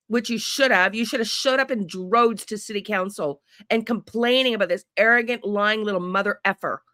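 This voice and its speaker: A woman's voice: mid-range voice, pushed and bright, dry recording, studio quality. A woman hosting a true crime channel, ranting bluntly and sarcastically and swearing often. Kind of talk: angry profane rant to camera.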